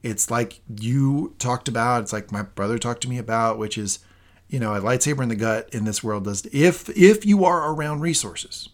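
A man co-hosting a casual review podcast, excitable and animated, swearing freely as he talks. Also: mid-range voice, moderate pace. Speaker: podcast co-host.

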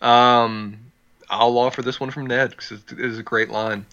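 A man's voice: mid-range voice, level tone, unhurried, a bit bright, clear, resonant tone, muffled recording. A man co-hosting a podcast in casual chat, reading quotes aloud with relish and chuckling often. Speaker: podcast co-host.

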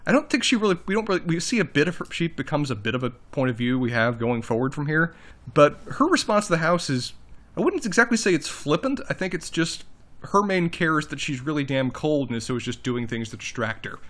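A man co-hosting a book podcast, recapping the plot in a casual, animated way, often correcting himself. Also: on the high side, a little fast. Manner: animated, self-correcting, summarizes plot at length. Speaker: podcast co-host.

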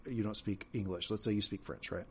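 A man's voice: on the low side, quick pace, slightly rough. A man co-hosting a podcast, chatting casually through a TV episode recap and often repeating words as he starts a thought. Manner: animated, repeats words when starting sentences. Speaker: podcast co-host.

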